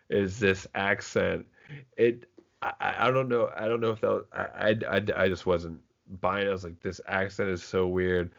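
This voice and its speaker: On a dull, lo-fi podcast recording, a male co-host rambles about movies, restarting often and swearing casually. His voice sits on the low side, creaky and a bit bright.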